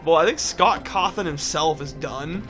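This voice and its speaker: A man's voice: on the high side, music in the background. A man co-hosting a gaming video, chatting casually and joking with a friend while he plays. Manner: joking, laughs often, quick banter. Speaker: gaming channel co-host. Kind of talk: casual chat over gameplay.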